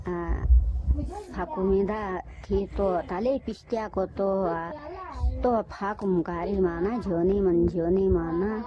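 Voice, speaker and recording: An older woman recounting her life in a slow, sing-song oral storytelling manner, recorded in the field. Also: mid-range voice. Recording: dull lo-fi field recording with crowd noise. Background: crowd chatter.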